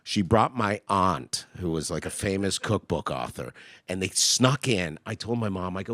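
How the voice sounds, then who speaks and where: A man's voice: low voice, expressive, normal speed, fairly bright tone, dry recording. A man from Canada, a comedian telling crude, blunt stories as a guest. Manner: blunt, brash raconteur.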